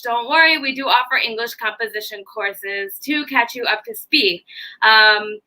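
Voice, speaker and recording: A woman's voice: sits high, pushed and bright, poor audio. A woman with a Chicago accent hosting a live online interview, upbeat and chatty with plenty of filler words. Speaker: interviewer and host.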